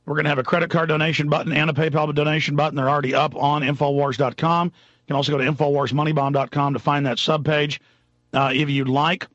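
Male talk radio host, rambling and fired up, husky voice with a dry, dull studio sound. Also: fairly high pitch, level tone, fast talker, dry recording. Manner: impassioned, rambling, shifts between mutters and shouts.

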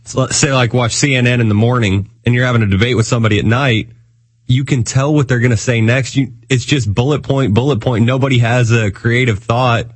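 A male talk radio co-host with a mid-pitched voice, making wry, dismissive remarks to the host. He is heard close and dry in the studio. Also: steady tone, a little fast, dry recording.

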